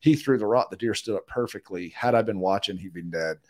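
A middle-aged man speaks in a low voice as a guest on a casual podcast. He tells his story with energy and acts out the lines of the people in it. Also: brisk. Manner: animated, acts out quotes of others. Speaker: interview guest.

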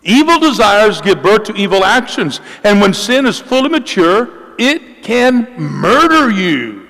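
A male pastor preaching a sermon in an emphatic way, repeating key phrases and slowing down for emphasis. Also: sits high, big pitch swings, a bit bright, big-room sound, low-quality recording.

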